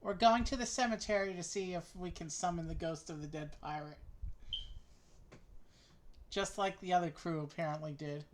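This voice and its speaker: A woman's voice: lowish voice, normal speed, pauses often, a little hiss or hum. A woman playing a game with a friend, reading dialogue aloud with wry comments. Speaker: co-host of game stream.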